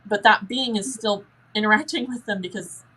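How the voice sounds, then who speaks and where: Young woman, chatty, mid-pitched voice, guest answering questions, acts out small exchanges. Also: normal speed, bright, forceful tone, breathy edge, low-quality recording. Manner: chatty, acts out dialogue in a higher voice. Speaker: paranormal Q&A guest.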